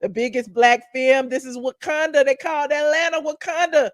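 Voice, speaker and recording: A woman's voice: high-pitched, fairly even intonation, moderate pace, no echo, studio quality. A Southern-accented woman hosting a live stream, ranting heatedly and profanely with emphatic repetitions. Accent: Southern American. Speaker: YouTube commentary host. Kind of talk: live-stream commentary rant.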